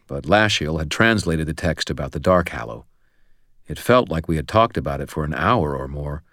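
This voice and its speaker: A man reads a first-person audiobook in a very low, deep voice. His delivery is steady and measured with a wry edge, recorded close and dry with no room sound. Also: no echo. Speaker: audiobook narrator.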